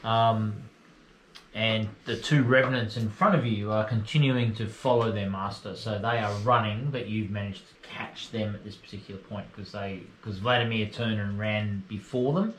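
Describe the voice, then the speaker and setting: A man running a tabletop game as game master, unhurried and halting with fillers. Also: on the low side, fairly even intonation, roomy sound, a little hiss or hum, poor audio.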